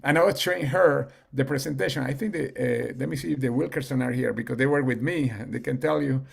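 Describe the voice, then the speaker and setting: A man giving a casual team training talk on a video call, halting, with many fillers and restarts. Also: mid-range voice, creaky, breathy edge. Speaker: team leader and coach.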